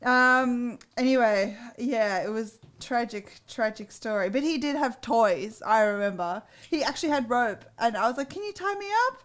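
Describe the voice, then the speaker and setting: A woman co-hosting a dating advice show, telling a story in a blunt, profane, animated way in casual chat. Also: a little high, normal speed, few pauses.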